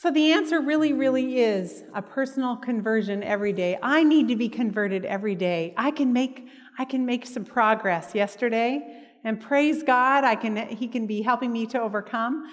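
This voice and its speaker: A woman's voice: on the high side, normal speed, in a large hall. A woman giving a heartfelt preaching talk and telling personal stories. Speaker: speaker at a church meeting.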